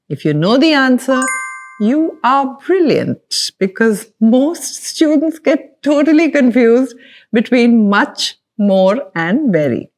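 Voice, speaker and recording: A woman's voice: mid-range voice, darkish tone. A young woman teaching an exam-prep English grammar lesson, playful and encouraging, stretching key words for emphasis.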